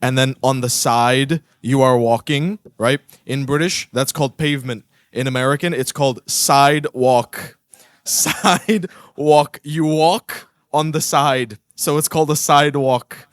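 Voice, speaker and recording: Joking man with a smooth voice. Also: mid-range voice, steady tone, normal speed, no room sound, clean studio sound. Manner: joking, emphatic. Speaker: panelist. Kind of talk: playful panel banter.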